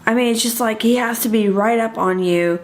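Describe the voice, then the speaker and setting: A woman's voice: fairly high pitch, brisk. A woman co-hosting a casual podcast, telling a story in a chatty, rambling way full of fillers. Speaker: podcast co-host.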